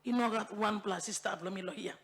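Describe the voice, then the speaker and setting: A woman's voice: medium pitch, fast talker. A woman from Bougainville with a Bougainville accent, a member of parliament giving an impassioned debate speech, repeating phrases for emphasis and slipping into Tok Pisin. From Bougainville, Papua New Guinea. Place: parliament chamber.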